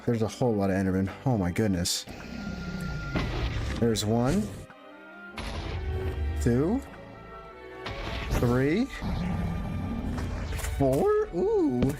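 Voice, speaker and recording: A man giving casual, excitable commentary to himself as he plays a video game. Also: mid-range voice, slow pace, pauses often. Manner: chatty, excitable self-talk while playing. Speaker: gaming YouTuber. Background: background music.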